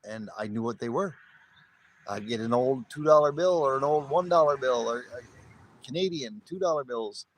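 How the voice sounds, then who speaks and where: A man's voice: mid-range voice, expressive, moderate pace, slight background noise. Rambling middle-aged man, stammering. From northern United States. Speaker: livestream host. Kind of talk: casual livestream chat.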